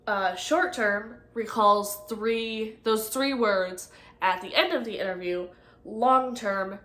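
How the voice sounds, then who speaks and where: A young woman going over nursing study notes in a halting, casual way, full of ums and likes. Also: medium pitch. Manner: halting, many ums and likes, self-correcting. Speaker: nursing student presenter. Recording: echoey room.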